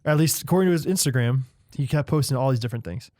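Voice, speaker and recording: A man's voice: medium pitch, quick pace, a little mellow, no echo, studio quality. A man co-hosting a podcast in casual chat, talking hesitantly and rambling, with lots of fillers. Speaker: podcast co-host.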